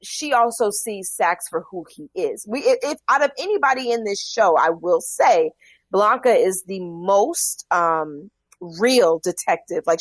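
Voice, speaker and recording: A woman's voice: mid-range voice, dry recording. A woman co-hosting a casual TV recap show, giving emphatic, opinionated takes. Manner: opinionated, emphatic, laughs easily. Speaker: podcast co-host.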